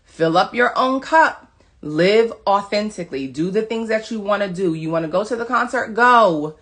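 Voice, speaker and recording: A woman's voice: mid-range voice, animated, moderate pace, fairly bright tone. A woman wellness coach giving an emphatic, preachy motivational monologue to her followers, repeating short commands. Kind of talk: motivational social media monologue.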